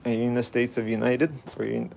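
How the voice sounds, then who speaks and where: A man's voice: medium pitch, flat delivery, fast talker, darkish tone, a little hiss or hum. A man casually vlogging outdoors, playfully chatting with and about a dog. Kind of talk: casual vlog chat.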